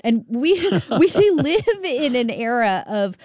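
Measured woman interviewer. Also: a little high, big pitch swings, darkish tone, no echo. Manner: measured, builds long questions. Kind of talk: interview questions.

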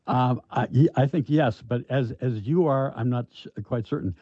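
An older man, an author, answering interview questions in a halting, thoughtful way with many restarts. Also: medium pitch, dark tone, no room sound. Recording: dull, lo-fi, dry sound.

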